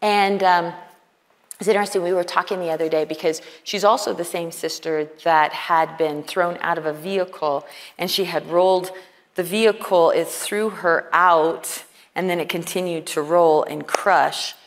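A woman with a fairly low, steady voice preaches a sermon at a women's conference, speaking at a moderate pace. Earnest and conversational, she often quotes dialogue, and the large conference hall adds reverb.

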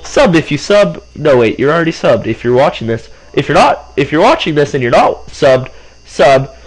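Man, young adult, let's play commentary, excitable, high yelps, fairly high voice. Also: normal speed, poor audio. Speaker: gameplay commentator.

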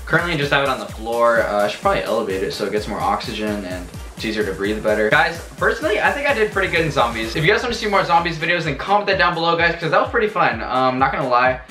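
A man giving casual gaming commentary, excitable and rambling, yelping and shouting when scared, recorded in a room at home. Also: medium pitch, very fast, few pauses, reverberant, soft background music. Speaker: gaming vlogger.

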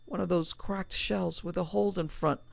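A woman's voice: lowish voice, steady tone, moderate pace, vocal fry, no echo. A woman voicing an anxious middle-aged man in a panic, with a strained, agitated delivery. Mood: horrified. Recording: slightly dull, dry recording.

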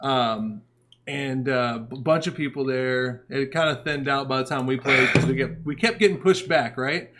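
A man's voice: medium pitch, moderate pace. A man casually telling a rowdy story on a podcast, swearing freely and laughing as he goes. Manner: profane, laughing, animated storyteller. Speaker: podcast co-host, punk musician.

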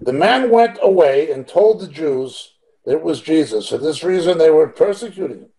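A man's voice: a little high, animated, moderate pace, dark tone, rough recording. A man teaching a Bible passage over a video call, emphatic and repeating his key points.

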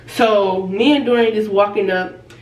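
A woman vlogger casually telling a story, animated, laughing and acting out the people she quotes. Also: mid-range voice, a little slow. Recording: roomy and a bit distant from the mic.

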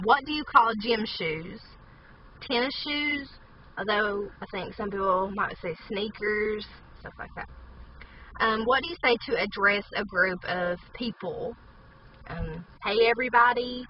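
Slow-talking southern West Virginia woman. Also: mid-range voice, lo-fi sound, slight background noise. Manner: unsure, hedging, with many ums. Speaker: vlogger. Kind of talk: casual accent tag video, reading a word list. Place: inside a parked car.

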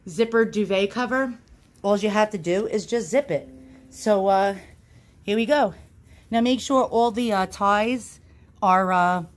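A woman giving a casual home how-to demonstration while filming on a handheld phone, chatty and self-deprecating with plenty of fillers. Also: mid-range voice. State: out of breath at times. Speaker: YouTube channel host.

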